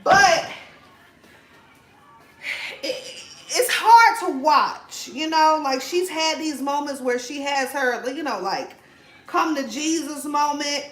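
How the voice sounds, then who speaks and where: A young woman chatting casually while cooking at home, profane and laughing often, her voice swinging between loud and soft. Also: high-pitched, takes it slowly. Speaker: vlogger. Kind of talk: casual cooking vlog chat. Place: home kitchen. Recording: echoey room, faint noise.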